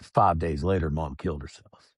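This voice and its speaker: A man speaking as a podcast guest, telling his own story in a plain, calm and reflective way. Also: a bass voice, moderate pace, breathy edge, no echo, studio quality. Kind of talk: candid personal storytelling.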